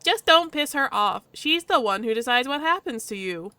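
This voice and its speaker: A woman voicing a sprightly, chirpy AI companion with a raised pitch. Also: expressive, moderate pace, pushed and bright, smooth, no echo. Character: sprightly AI voice in a man's head.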